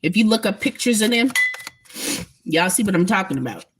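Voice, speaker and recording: A woman's voice: medium pitch, lively intonation, brisk, slight background noise. A woman talking emphatically and bluntly to her viewers in a casual spiritual livestream, swearing freely. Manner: emphatic, profane, talks straight to viewers.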